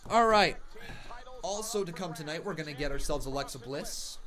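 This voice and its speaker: A young man hosting a live watch-along stream, giving casual commentary that flares into loud excited outbursts. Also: a little high, normal speed. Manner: excitable, bursts into loud shouts.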